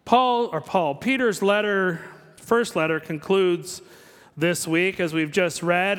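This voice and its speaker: A pastor with a notably high voice preaches in a church, his words trailing off into a long hall reverb. He tells stories conversationally and drops in dry little jokes. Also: fairly bright tone. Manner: conversational storytelling with asides and small jokes. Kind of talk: sermon.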